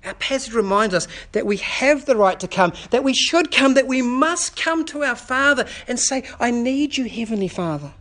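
A pastor delivers an earnest sermon at a church service, frequently sinking into a soft, quiet tone and building momentum with repeated rhetorical questions. His voice is extremely high-pitched, and he talks at a normal speed with few pauses.

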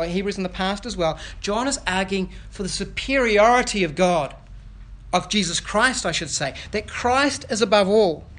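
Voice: mid-range voice, fairly bright tone. A pastor preaching an earnest sermon that explains scripture and puts questions to the children.

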